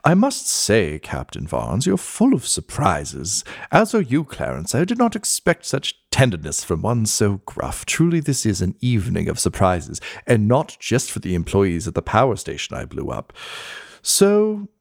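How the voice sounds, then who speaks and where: A man playing a gossip-loving talking skull, arch and theatrical, swooping lively delivery, lowish voice, dry close sound. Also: a little slow, creaky, dry recording, exaggerated voice. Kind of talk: tabletop role-play character voice.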